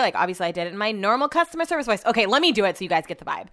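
A woman's voice: medium pitch, animated, very fast, few pauses, fairly bright tone. A young woman hosting her own podcast, telling rambling, self-deprecating stories in a casual chat. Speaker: podcast host. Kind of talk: casual solo podcast monologue.

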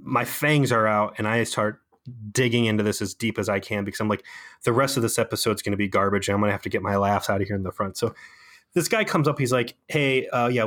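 On a casual comedy podcast, a male co-host recaps a TV episode through sarcastic, animated storytelling full of fillers. His voice is fairly low in pitch.

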